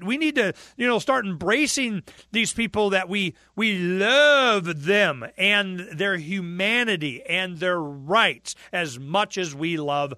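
A man in animated political talk, emphatic and storytelling, acting out the people he quotes. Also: high voice, slow pace, few pauses, dry recording, clean studio sound.

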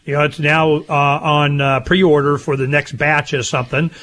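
Give me an older man with a fairly high voice, chatting in a loose, rambling way, getting animated and laughing loud as he talks on a casual show. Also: normal speed. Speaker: co-host. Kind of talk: casual chat.

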